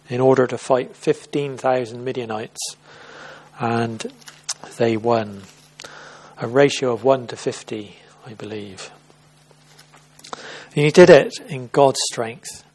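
A man's voice: medium pitch, unhurried, a little mellow. A man giving an informal sermon at a church service, retelling a Bible story in a conversational way and often restarting and repeating words. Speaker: preacher.

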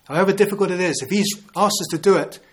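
Male preacher, 50s, earnest sermon delivery with rhetorical questions, slightly higher voice. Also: fast talker, fairly bright tone. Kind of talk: evangelistic sermon.

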